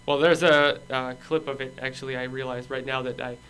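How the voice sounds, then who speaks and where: A man's voice: mid-range voice, little pitch movement, a little fast, a bit bright, clear, resonant tone. A man in casual chat as a guest musician, offhand and laid-back.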